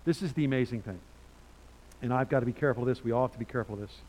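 A man's voice: mid-range voice, rapid-fire. Older preacher man in a reverberant church. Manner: animated preaching, loud rises, reads scripture aloud. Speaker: pastor. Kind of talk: sermon. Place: church sanctuary. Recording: church hall with long reverb.

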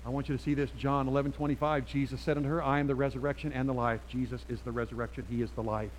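A man preaching a sermon to a church congregation, switching between forceful appeals and quiet storytelling. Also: mid-range voice, little pitch movement, racing, a little hiss or hum, poor audio. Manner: emphatic, swings from loud exhortation to quiet storytelling. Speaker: pastor.

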